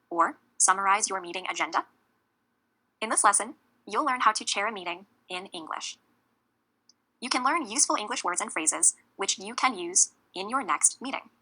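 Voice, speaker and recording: A woman narrating a scripted English lesson, speaking clearly and slowly with deliberate emphasis on key words. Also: mid-range voice, bright, forceful tone, poor audio. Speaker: English teacher.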